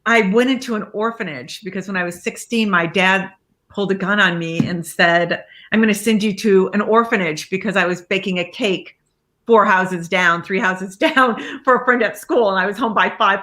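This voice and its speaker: A woman with a bright, forceful voice tells her personal story as a guest life coach. She is animated, laughing often and acting out the voices of the people she quotes. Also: medium pitch, brisk. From Iraqi family background, raised in America. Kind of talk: casual storytelling interview.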